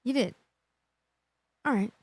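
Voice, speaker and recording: A woman's voice: takes it slowly, darkish tone, no echo. A woman hosting a live true crime reaction, indignant and emphatic, repeating her points for effect.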